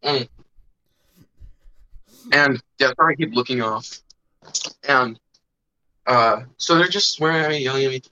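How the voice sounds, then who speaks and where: A man's voice: mid-range voice, measured pace, long pauses, pushed and bright. A young man casually telling a long story on a podcast, rambling with fillers and acting out the other people's voices. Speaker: podcast host. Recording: dull lo-fi sound.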